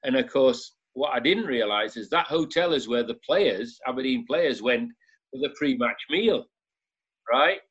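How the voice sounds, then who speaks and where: A man telling a lively football-club story in a relaxed, chatty way, breaking into laughter along the way. His voice sits at an ordinary pitch. The sound is dull and slightly lo-fi. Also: measured pace, husky. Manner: anecdotal, laughs while telling. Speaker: former football club director. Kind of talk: casual storytelling.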